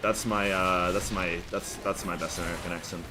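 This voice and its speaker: A man chatting casually on a live stream while gaming, quiet and distracted, repeating himself. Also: deep voice, fairly even intonation, normal speed. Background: game music.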